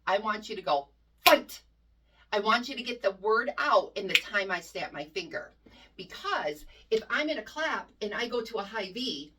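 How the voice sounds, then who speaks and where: A woman's voice: mid-range voice, recorded from a distance, background noise. Brief: woman cheer coach, instructional and emphatic, heard a bit away from the mic. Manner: emphatic, demonstrates chants loudly.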